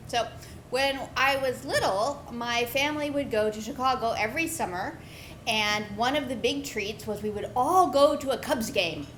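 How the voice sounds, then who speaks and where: A woman telling an improvised true story on a pub stage, animated and acting out the voices of the people in it. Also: on the high side, background noise. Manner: animated, acts out quoted voices. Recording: echoey live room.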